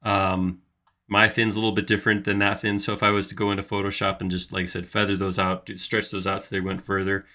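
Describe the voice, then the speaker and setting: Low bright-voiced man narrating his work. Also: completely flat delivery, quick pace. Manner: casual, thinking aloud while working. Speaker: host modeling in 3D software. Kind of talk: live software tutorial.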